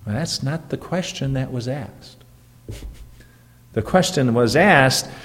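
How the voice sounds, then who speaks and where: Slow-preaching pastor in a reverberant hall. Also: male voice, medium pitch. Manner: slow, deliberate preaching with emphatic rises. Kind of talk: sermon. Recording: long reverb of a church hall.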